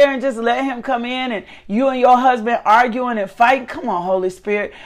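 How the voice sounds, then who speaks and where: A middle-aged woman hosting a faith talk show, preaching with fervent, emphatic repetition. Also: on the high side. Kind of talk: preaching, motivational devotional talk. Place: her living room.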